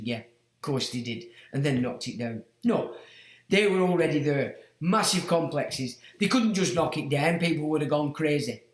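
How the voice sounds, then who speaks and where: A man hosting a casual livestream, rambling bluntly with muttered asides and frequent swearing. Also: medium pitch. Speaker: livestream host. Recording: roomy echo.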